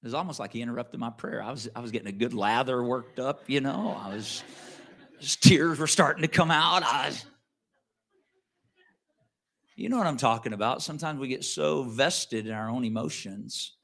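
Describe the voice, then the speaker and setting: Male pastor, middle-aged, conversational sermon storyteller, crisp bright tone. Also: medium pitch, normal speed. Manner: earnest, conversational, with frequent restarts.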